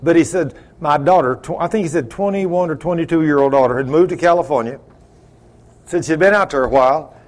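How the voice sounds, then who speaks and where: A man's voice: fairly high pitch, a little fast. A man preaching to his church, telling a testimony and acting out the voices in it, with frequent rhetorical questions to the congregation. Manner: asks the congregation rhetorical questions, acts out quoted dialogue. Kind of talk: sermon testimony storytelling.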